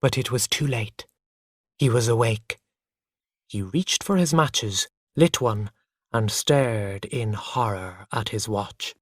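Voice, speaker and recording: A man narrating a graded reader story in a slow, clear, expressive reading voice. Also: on the low side, no echo, clean studio sound.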